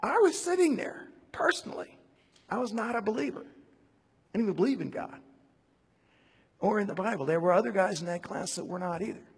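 A man preaching a conversational sermon, animated and digressive, with many fillers and restarts. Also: sits high, brisk, vocal fry, long pauses, slightly rough, big-room sound. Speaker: preacher teaching a Bible study.

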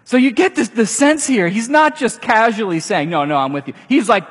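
A man preaching a sermon, animated, acting out the quoted lines with casual asides. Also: high voice, moderate pace, few pauses, husky. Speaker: pastor. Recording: long hall reverb.

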